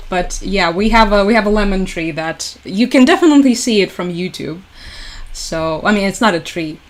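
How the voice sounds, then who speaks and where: A woman's voice: medium pitch, animated, moderate pace. A woman hosting a casual livestream from home, chatty and sarcastic, laughing often. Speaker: livestream host. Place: at home with her dog.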